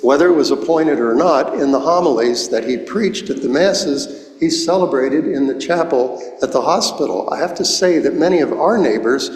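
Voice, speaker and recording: A man in his seventies preaching a sermon as pastor, explaining words slowly and deliberately, recorded in a church sanctuary. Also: medium pitch, darkish tone. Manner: slow, deliberate, explains Greek words one at a time. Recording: echoey church hall, long reverb.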